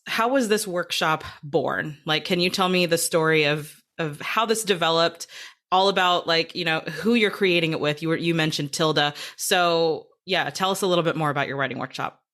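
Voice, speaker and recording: A woman's voice: lowish voice, a bit bright. A woman hosting a podcast, asking questions in a chatty way with many fillers and laughs. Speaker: podcast host. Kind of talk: casual interview.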